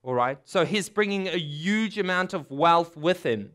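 Male pastor, sermon delivery, high bright register, clean resonant tone, casual storytelling that voices the characters. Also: expressive, a little slow. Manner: retells the story casually, acting out quoted figures.

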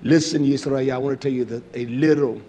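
Man, preacher, sermon, fiery, shouting and muttering, faint hiss. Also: mid-range voice, steady tone, brisk.

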